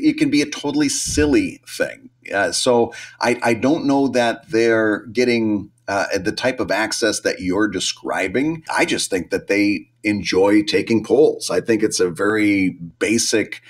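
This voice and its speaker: A man's voice: on the low side, unhurried, few pauses. A middle-aged man co-hosting a podcast in casual chat, telling stories and acting out quotes. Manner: chatty, animated, acts out quotes. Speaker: podcast co-host.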